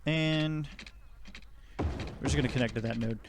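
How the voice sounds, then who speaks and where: A man's voice: mid-range voice, a little slow, background noise. A man giving rambling, jokey, self-deprecating commentary while playing a city-building game. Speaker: let's play host. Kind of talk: casual gameplay commentary.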